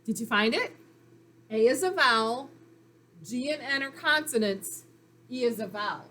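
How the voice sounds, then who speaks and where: In this recorded reading lesson for children, a woman patiently teaches phonics, sounding out letters and syllables with encouragement. Her voice is a little high, with lively intonation, a moderate pace, and a sharp tone.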